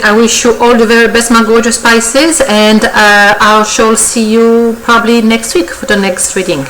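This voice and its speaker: A woman gives a weekly tarot reading straight to her viewers, speaking at a middle pitch. She is effusive and coaxing, repeats her words, and keeps checking in with "okay?". Faint birdsong sits behind her voice. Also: fairly even intonation, moderate pace, background noise. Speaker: tarot reader.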